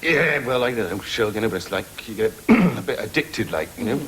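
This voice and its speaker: A man's voice: mid-range voice, animated, moderate pace, a bit bright, slight background noise, lightly acted. A man with an English accent playing a pushy young husband, a trainee salesman who rambles eagerly and keeps saying "I mean", in a studio sitcom. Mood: sheepish. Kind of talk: 1980s studio sitcom acting.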